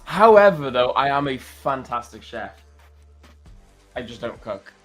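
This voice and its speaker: Man, livestream co-host, teasing banter, frequent laughs, mid pitch, faint music. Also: very animated, a little slow, a bit bright. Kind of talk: casual chat.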